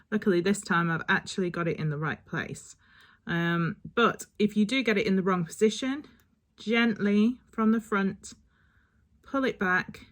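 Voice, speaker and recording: A woman talking through a step-by-step nail tutorial in a chatty, instructive way that sometimes rambles. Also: medium pitch. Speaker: beauty vlogger.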